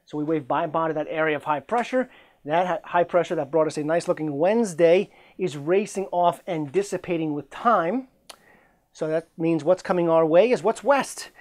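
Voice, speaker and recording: A man presenting a local weather forecast in a chatty, jokey way with lively swings in emphasis. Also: moderate pace. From Central New York. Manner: chatty, jokey, energetic delivery with pitch swings. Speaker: meteorologist.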